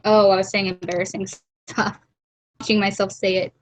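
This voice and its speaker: A young woman hosting a casual drawing livestream from a warm room at home, rambling and giggly, often trailing off into mumbles, on a laptop webcam mic. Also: medium pitch, little pitch movement, normal speed, no room sound, low-quality recording. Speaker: livestream host. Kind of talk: casual chat while drawing.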